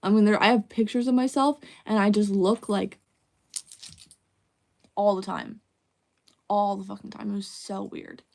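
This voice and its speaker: A woman's voice: medium pitch, flat delivery, a little slow, creaky, pauses often, darkish tone. A young woman streaming live, chatting casually and candidly, swearing freely. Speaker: livestreamer. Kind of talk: casual livestream chat.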